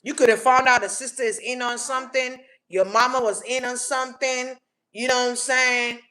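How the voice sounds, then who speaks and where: Brief: higher-voiced woman, tarot reader, blunt and profane, emphatic restarts, noisy hiss behind. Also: fairly even intonation, moderate pace, sharp tone. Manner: blunt, slangy, swears freely; emphatic, restarts and repeats words. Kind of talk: casual collective tarot reading.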